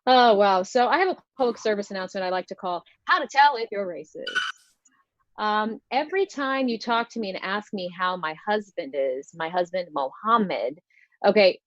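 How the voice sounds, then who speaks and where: A woman's voice: mid-range voice, no echo, muffled recording. A woman performing a stand-up comedy set over a video call, telling wry stories with lots of fillers. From United States. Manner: wry, conversational storytelling with many fillers.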